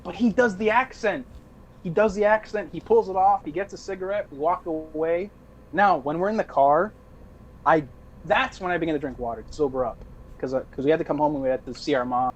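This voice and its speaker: A man's voice: fairly high pitch, brisk, lo-fi sound, slight background noise. A young man, a podcast co-host, telling a rambling party story in casual chat with restarts and laughs.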